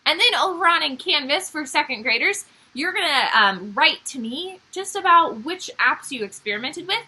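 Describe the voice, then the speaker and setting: A woman's voice: sits high, animated, normal speed, pushed and bright, rough recording. A woman music teacher giving a recorded online lesson to young children, upbeat and explaining step by step.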